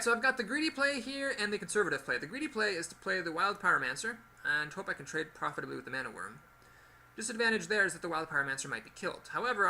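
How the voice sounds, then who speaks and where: A gaming video host with a very bright, forceful, high-pitched voice and a gravelly edge chats playfully through his card game as casual gameplay commentary. He bursts into lively exclamations now and then. There is a faint hiss or hum.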